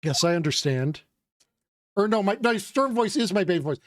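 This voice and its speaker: A man's voice: high-pitched, lively intonation, normal speed, no room sound, studio quality. A man streaming a game, making casual, self-mocking jokes between reading lines. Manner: joking, self-mocking asides. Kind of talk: casual gaming commentary.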